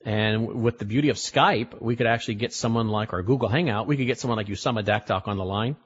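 A man's voice: lowish voice, fast, slightly rough. A male radio host chatting casually, rambling and restarting as he stumbles over a guest's name. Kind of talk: casual talk radio chat. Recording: dull lo-fi broadcast audio.

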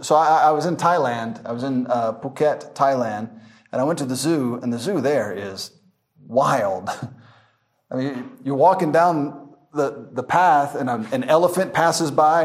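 High-voiced laughing Bible teacher, a man. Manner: laughing storyteller, animated anecdotes. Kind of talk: verse-by-verse Bible class.

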